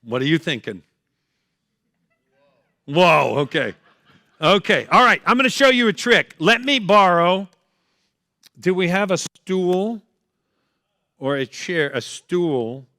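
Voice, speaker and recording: A middle-aged man does stand-up at a live fundraiser, bantering loudly with the audience. His voice sits high and rings very bright. The sound is dry and close. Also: big pitch swings, measured pace, long pauses, no echo. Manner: loud, teasing, punchy crowd work. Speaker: comedian performing at a fundraiser. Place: event hall, live on stage.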